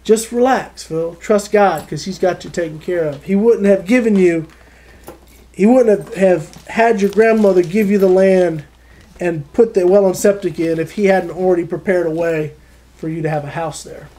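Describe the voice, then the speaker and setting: A man's voice: high-pitched, moderate pace, warm tone, poor audio. A man preaching an informal sermon at a small home fellowship, telling a story in a conversational way and speaking to a listener by name. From South Carolina. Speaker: pastor.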